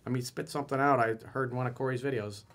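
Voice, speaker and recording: A man giving blunt dating advice, reading a listener's letter aloud and reacting to it, acting out lines with sudden soft asides. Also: mid-range voice, fairly even intonation, racing, slight background noise. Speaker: dating coach.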